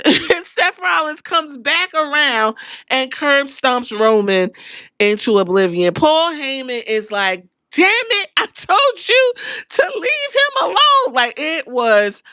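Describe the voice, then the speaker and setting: A woman hosting a podcast with a fairly high voice, telling her story in a loose, animated and profane way. She acts out what others said as she goes. The recording is dry and close, with no room sound. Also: no echo. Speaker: podcast host. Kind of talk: casual wrestling recap.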